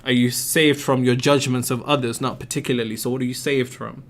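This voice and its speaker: A man's voice: medium pitch, steady tone, a little fast. A man hosting a live question-and-answer stream, explaining his views with emphatic rhetorical questions. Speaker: host answering viewer questions.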